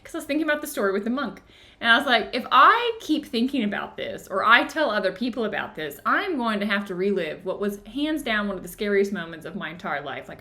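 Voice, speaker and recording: Bright-voiced woman hosting a book club livestream, casual and animated, acts out the quotes. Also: mid-range voice. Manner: animated, dramatic retelling with acted-out quotes. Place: home in the woods. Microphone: streaming device, live video.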